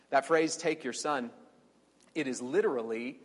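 A man teaching a conversational Bible study, chatty, with fillers and quick quoted asides. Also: medium pitch. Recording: long reverberant hall.

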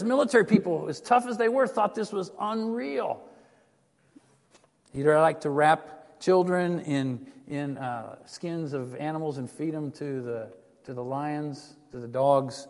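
A man preaches an animated, chatty sermon full of asides, his voice a little higher than most men's. A long reverb hangs on his words, as if he were in a large church sanctuary. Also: a little slow, creaky. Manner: animated, conversational, digressive. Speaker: pastor.

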